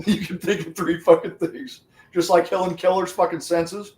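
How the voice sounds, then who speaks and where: A man's voice: sits high, flat delivery, normal speed, darkish tone, a little hiss or hum. A man hosting a livestream, chatting casually with viewers, swearing constantly, laughing often and rambling. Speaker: livestream host. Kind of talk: profane casual chat with viewers. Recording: roomy sound, distant from the mic.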